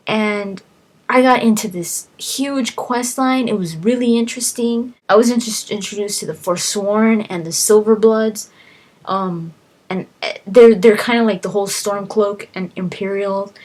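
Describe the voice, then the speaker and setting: A woman's voice: on the high side, a little slow, a little mellow. Woman gamer vlogging, rambly and chatty, lots of likes and ums. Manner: rambling, full of "like" and restarts. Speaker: gaming vlogger. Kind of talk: casual chat recounting a game.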